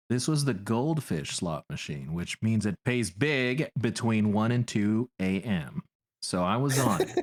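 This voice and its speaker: A man co-hosting a casual podcast, telling a tale in a mock-grand announcer manner. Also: fairly low pitch. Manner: mock-grand announcer delivery, swearing reactions. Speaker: podcast co-host.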